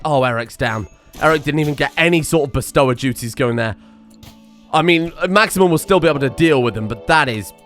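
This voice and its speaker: A man giving excitable let's play commentary on a strategy game, muttering one moment and shouting the next. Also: a little high. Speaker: gameplay commentator.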